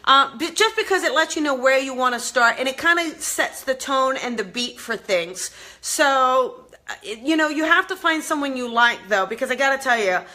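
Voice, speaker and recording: A woman's voice: high voice, lively intonation, normal speed, pushed and bright. A woman hosting a casual live stream, chatting upbeat with viewers while she walks from her home out to her backyard garden. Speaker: host.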